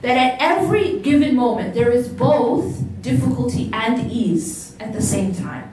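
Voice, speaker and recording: In a very echoey hall, recorded from a distance with slight background noise, an American woman gives a motivational religious lecture to a live audience. Her voice is on the high side, a little mellow and expressive, at a measured pace. She questions the audience and repeats words for emphasis.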